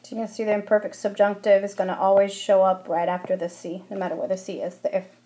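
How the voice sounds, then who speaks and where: A woman's voice: mid-range voice, little pitch movement, fast talker, mellow. Woman teaching Spanish grammar. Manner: friendly, explanatory, with frequent ums. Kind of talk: classroom lesson narration over slides.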